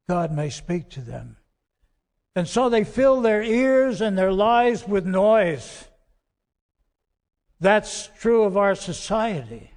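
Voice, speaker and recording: Man, pastor, sermon, high voice, unhurried delivery, emphatic then hushed, long hall echo. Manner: slow, emphatic preaching that drops soft and quiet on key words. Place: church sanctuary. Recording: long church hall reverb.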